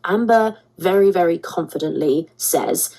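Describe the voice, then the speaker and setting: Low husky woman commentator. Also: a little slow, mellow, rough recording. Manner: emphatic, repeats words for stress. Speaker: commentary host. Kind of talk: scripted drama commentary.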